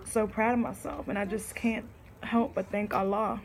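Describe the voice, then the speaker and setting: A woman's voice: mid-range voice, flat delivery, normal speed, a crowd in the background. A young woman, chatting on her vlog and reading her own poems aloud in a heartfelt, emotional way, calling her viewers y'all. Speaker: vlogger.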